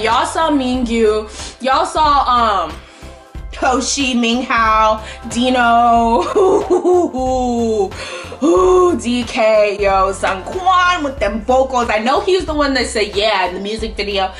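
High-voiced gushing fangirl woman, echoey room. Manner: gushing, squealing fangirl, talks fast when excited. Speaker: YouTube reactor. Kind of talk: excited reaction commentary. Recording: echoey room with music playing behind. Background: music video playing.

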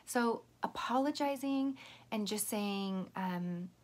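A woman teacher giving a patient, gentle lesson to young children, explaining step by step. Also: medium pitch, slow.

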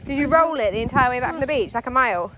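High sing-song woman outdoors. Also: animated, rapid-fire. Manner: sing-song, talks to a child and dogs. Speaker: dog-owning vlogger and mother. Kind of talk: casual chat. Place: outdoors near a beach. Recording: loud outdoor background noise.

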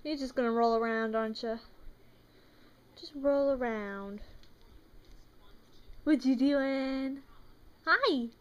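Woman in high sing-song baby talk. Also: slow, long pauses, smooth, lo-fi sound. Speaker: mother filming her baby.

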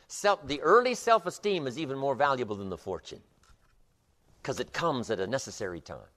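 A man's voice: medium pitch, big pitch swings, fast talker, a bit bright. A man giving a motivational speech, emphatic, with rhythmic repetition. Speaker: motivational speaker.

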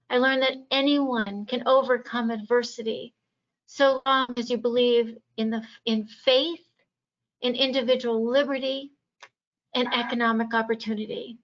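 A woman from Virginia giving a passionate, emphatic campaign speech as a candidate at a forum. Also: fairly high pitch. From Virginia, USA. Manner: passionate, emphatic stump speaking. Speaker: political candidate. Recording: dull lo-fi audio.

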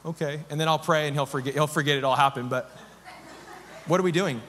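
A man in his thirties, a pastor giving a conversational, self-deprecating and animated sermon. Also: fairly high pitch, fast talker.

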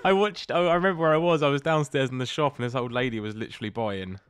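A man's voice: medium pitch, fast, clear, resonant tone, dry recording, studio quality. A man co-hosting a comedy podcast, telling overheard stories in a laid-back, wry way. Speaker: podcast co-host. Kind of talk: casual comedic chat.

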